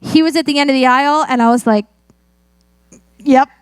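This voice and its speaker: A woman's voice: high voice, rapid-fire, dry recording. A middle-aged woman pastor preaching a sermon in a chatty, self-mocking storytelling way.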